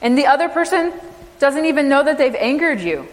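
A woman's voice: sits high, very animated, fairly quick, big-room sound, poor audio. A woman minister preaching a sermon, emphatic, with rhetorical questions to her congregation.

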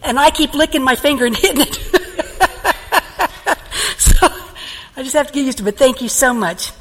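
A woman pastor preaching a sermon as an animated storyteller who laughs often, in a church. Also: sits high, fast, big-room sound, poor audio.

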